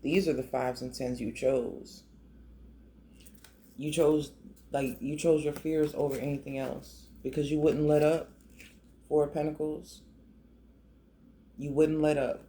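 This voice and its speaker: A man's voice: fairly high pitch, level tone, a little slow, long pauses, mellow, a little hiss or hum. A man giving a casual, emotional tarot reading, talking conversationally with many restarts. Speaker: tarot reader.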